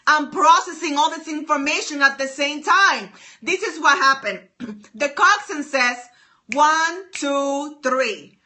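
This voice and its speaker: A woman's voice: sits high, a little slow, bright, forceful tone. A woman giving a motivational talk, emphatic and repetitive, with many rhetorical questions. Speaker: motivational speaker.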